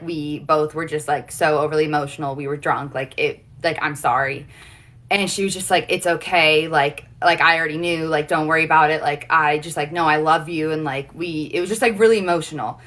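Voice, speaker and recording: A woman's voice: low voice, pushed and bright. A young woman livestreaming, telling an emotional personal story in a rambling way, saying "like" constantly. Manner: rambling, heavy use of "like".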